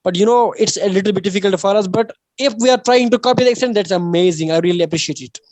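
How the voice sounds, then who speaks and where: A man talks in an online practice chat. His voice sits high for a man. He speaks hesitantly, with many fillers and restarts, over a video call. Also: quick pace, darkish tone. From Kashmir, India. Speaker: discussion participant.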